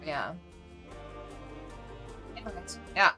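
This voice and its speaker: A woman streams and chats loosely with her viewers in a low, bright voice, circling back and restarting her sentences as she rambles. Soft music plays faintly behind her. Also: lively intonation, drawn-out words. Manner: chatty, rambling, frequent restarts. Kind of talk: casual live-stream chat with viewers.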